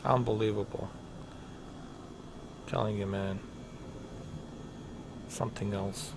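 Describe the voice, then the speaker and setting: A man's voice: lowish voice, fairly even intonation, takes it slowly, noisy background. A man livestreaming a flight game, rambling in an exasperated, joking way and muttering asides under his breath. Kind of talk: casual gaming commentary.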